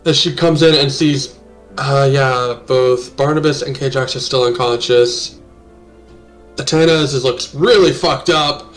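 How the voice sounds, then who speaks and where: A man running a tabletop game as game master, narrating casually with swearing and hesitant pauses. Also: mid-range voice, soft background music. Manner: casual, profane, halting with fillers.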